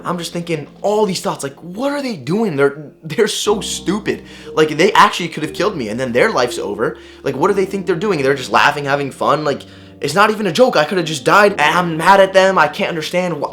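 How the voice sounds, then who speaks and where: A young man vlogging to camera tells a personal story in a slightly high voice. He's casual and animated, swearing and using slang.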